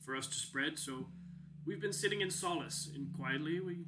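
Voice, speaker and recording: A man narrating as game master, explaining at length in a measured way. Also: on the high side, very noisy.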